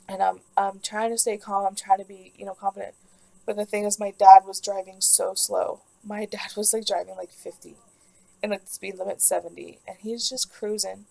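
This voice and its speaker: Young woman with heavy vocal fry. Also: mid-range voice, flat delivery, moderate pace, warm tone, poor audio. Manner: rambling, emotional, heavy use of "like". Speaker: vlogger. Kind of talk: personal storytelling.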